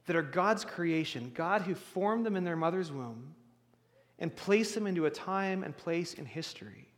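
A high-pitched man delivers a sermon, talking conversationally with restarts and bursts of emphasis. His voice rings with the long reverb of a large hall. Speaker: pastor.

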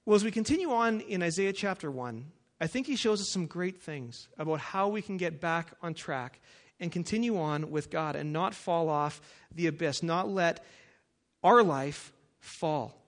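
A pastor giving a sermon and reading scripture aloud, emphatic and building to forceful peaks. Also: male voice, a little high, lively intonation, moderate pace.

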